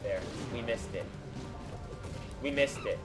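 A young man co-hosting a let's play, giving goofy, excitable commentary and bossing his partner around. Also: medium pitch, slow. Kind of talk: casual gameplay commentary. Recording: game music underneath.

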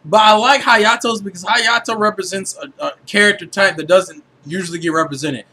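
A man giving a casual, animated anime review, full of swearing and filler words. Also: high voice, fairly quick, slightly rough. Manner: animated, profane, filler-heavy.

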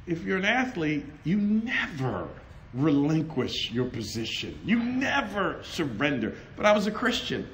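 A man preaches at a conference, his high voice swooping up and down as he acts out scenes and laughs through his stories. His tone is bright and forceful. A faint hum of the hall sits behind him. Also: normal speed. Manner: animated storyteller, laughs and acts out dialogue. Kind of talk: sermon with personal stories.

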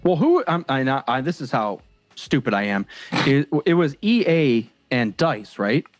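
A man's voice: mid-range voice, big pitch swings, unhurried, no echo, faint music behind. A young man co-hosting a casual podcast, rambling and self-deprecating with many hesitations. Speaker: podcast co-host.

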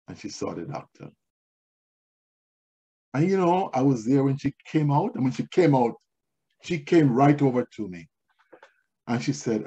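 A man's voice: medium pitch, lively intonation, moderate pace, pauses often, warm tone, breathy edge, dull audio. A male pastor delivering a sermon, moving from storytelling to emphatic preaching.

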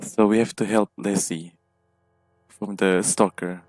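A man's voice: on the low side, fairly even intonation, a little slow, darkish tone, dry recording, faint music behind. A man giving casual, jumpy commentary while playing a game alone at home, recorded on a headset microphone. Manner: jumpy, nervous, frequent startled exclamations. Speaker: gameplay commentator.

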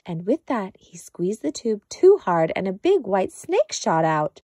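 Woman reading a kids picture book, slow and lively, dry close mic. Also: mid-range voice, no echo. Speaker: storytime reader. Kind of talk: children's book read-aloud.

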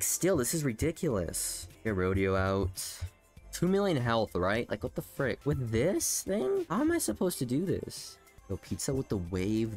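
A young man streaming a video game, ranting angrily about a stage and swinging from low muttering to loud outbursts. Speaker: gaming streamer. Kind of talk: frustrated live gameplay commentary.

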